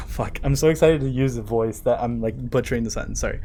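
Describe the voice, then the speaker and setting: A man's voice: mid-range voice, fast, few pauses, dark tone, faint music behind. A man casually reading and translating a manga live, chatting, joking and swearing along the way.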